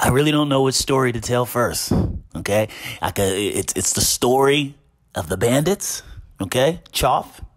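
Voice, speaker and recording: A man's voice: medium pitch, a bit bright. A man hosting a gaming channel, mockingly recounting online drama with a repeated catchphrase.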